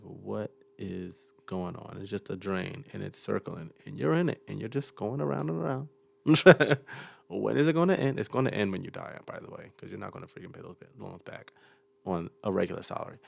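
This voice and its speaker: A young man with a lowish, vocal-fried voice hosts a reaction video, chatting casually and joking about what he watches. He keeps things loose and chuckles often.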